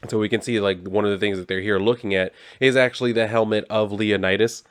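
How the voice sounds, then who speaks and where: A laid-back man recapping a comic book in loose, casual talk with plenty of swearing. His voice sits low and sounds dry and close, with no room echo. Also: steady tone, fast talker, smooth.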